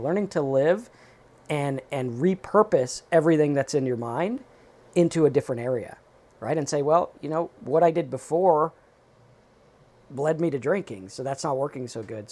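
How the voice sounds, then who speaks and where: A man co-hosting a recovery talk show, giving casual advice in an animated, emphatic way and acting out his own inner thoughts. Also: mid-range voice. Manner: animated, emphatic, talks in quoted self-talk. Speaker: podcast co-host.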